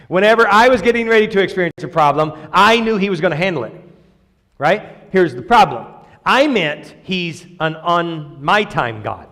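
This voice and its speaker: A man delivers a sermon in a church with a high, bright voice that swings widely up and down. He keeps it conversational and joking with the congregation, and a long reverb from the church hall trails every phrase. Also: sing-song, normal speed. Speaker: preacher. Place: church sanctuary.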